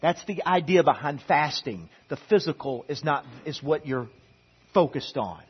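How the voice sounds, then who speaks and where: Husky high-voiced preaching pastor. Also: male voice, lively intonation, moderate pace, muffled recording. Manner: builds from quiet asides to emphatic repeated preaching. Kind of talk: sermon. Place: church sanctuary.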